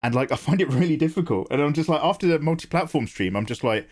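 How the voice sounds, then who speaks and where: A man's voice: fairly high pitch, expressive, quick pace, hardly any pauses, a little mellow. A man hosting an art livestream, chatting casually, self-deprecating and reading viewer messages aloud.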